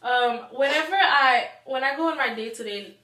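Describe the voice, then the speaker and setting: A woman's voice: sits high, normal speed, bright, forceful tone. A woman from Haiti hosting a casual conversation, chatty and asking questions with plenty of fillers. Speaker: host. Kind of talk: casual chat. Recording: roomy, mic at a distance.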